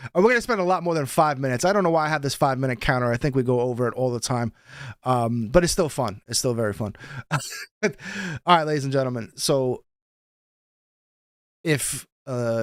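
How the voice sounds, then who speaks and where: A man co-hosting a casual podcast, chatting in an animated way and laughing often. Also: medium pitch, fairly quick, no echo, studio quality. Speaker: podcast co-host. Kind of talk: casual chat.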